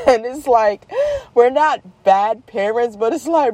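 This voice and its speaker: A woman's voice: fairly high pitch, slow pace, dry recording. A woman tells rambling, joking stories about her children in a casual vlog. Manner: rambling, joking, animated retelling. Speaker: mother, vlogger.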